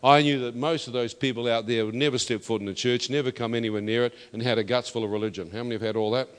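A man preaching his testimony, his voice sitting at an ordinary middle pitch. He is emphatic and builds toward loud declarations. His voice rings with the long reverb of a large church hall. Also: steady tone, quick pace, clear, resonant tone. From New Zealand. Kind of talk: testimony sermon.

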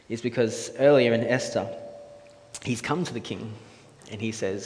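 A man's voice: mid-range voice, moderate pace, darkish tone, slight background noise. A man preaching a casual sermon in a church hall, chatty and jokey, quizzing the audience with questions. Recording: echoey hall with faint ambience.

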